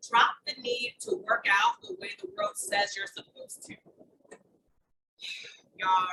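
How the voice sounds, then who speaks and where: A woman in her thirties giving an emphatic coaching talk, repeating mantras and calling out "y'all". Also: sits high. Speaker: wellness coach. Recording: distant mic, clear background noise.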